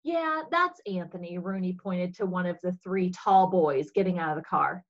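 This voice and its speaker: A woman reading a children's story aloud for religious education, expressive and husky. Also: fairly low pitch, moderate pace, dull audio.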